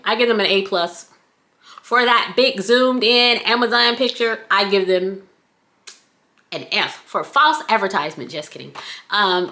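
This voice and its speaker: Speaking at medium pitch with a sharp tone, a Southern US scrunchie shop owner chats playfully on her vlog while casually reviewing a product. She breaks into little sing-song snippets now and again.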